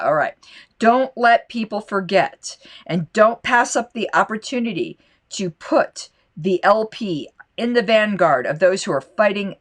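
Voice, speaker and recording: A woman's voice: on the low side, a bit bright. A woman hosting a solo podcast with a slight lisp, talking in a rambling, impassioned and indignant way between passages she reads aloud. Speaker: podcast host.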